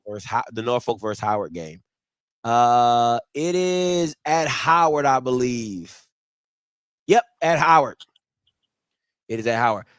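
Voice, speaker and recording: A man's voice: mid-range voice, lively intonation, a little slow, pauses often, clear, resonant tone, no echo, studio quality. A man co-hosting a sports talk show, chatting casually with a playful, teasing manner. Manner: playful, teasing back-and-forth.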